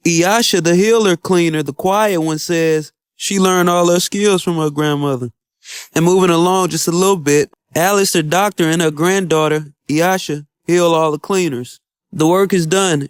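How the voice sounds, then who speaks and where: A man's voice: high voice, clean tone, no echo, studio quality. A man recapping an anime episode in an upbeat, casual, slangy storytelling way. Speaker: anime reviewer.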